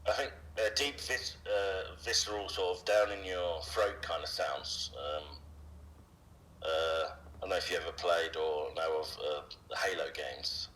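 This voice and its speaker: A voice actor being interviewed, a man talking casually and haltingly, with frequent fillers and restarts. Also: sits low, a bit bright, poor audio. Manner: hesitant, many fillers and restarts.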